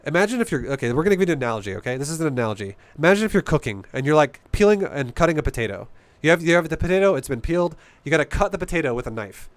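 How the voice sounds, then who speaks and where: A man's voice: fairly high pitch, big pitch swings, rapid-fire. Blunt, swearing man coaching a gamer. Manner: blunt, profane, passionate. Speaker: StarCraft coach. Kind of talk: casual replay coaching.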